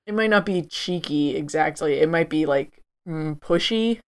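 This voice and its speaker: Woman cohosting a podcast, low voice, playful, swears. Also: normal speed. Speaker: podcast co-host. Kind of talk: casual chat.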